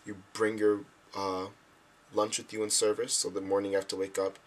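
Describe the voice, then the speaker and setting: Speaking at a moderate pace in a lowish voice, a young vlogger tells stories casually to his friends back home. He's animated and acts out the reactions he had.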